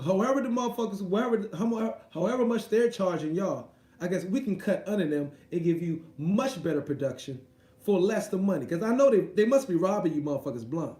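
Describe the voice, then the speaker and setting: High-voiced man ranting, echoey room. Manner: animated, profane, rambling. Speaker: commentator. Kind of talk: casual profane rant. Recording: echoey room with faint noise.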